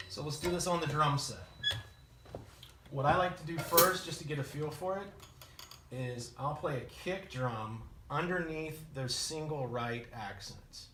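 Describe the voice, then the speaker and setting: A man giving a relaxed drum lesson, explaining and counting out stickings in his teaching studio. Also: fairly high pitch, a little slow, very noisy. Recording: roomy studio sound from a distance with loud drumming.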